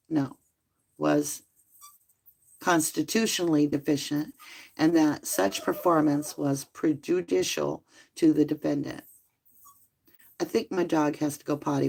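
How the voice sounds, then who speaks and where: Slow, low-voiced woman reading aloud. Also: creaky, a little mellow. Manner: breaks off reading to chat with chat viewers by name. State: out of breath. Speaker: livestream host reading a court ruling. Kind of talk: reading aloud with casual asides to viewers. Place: room at home.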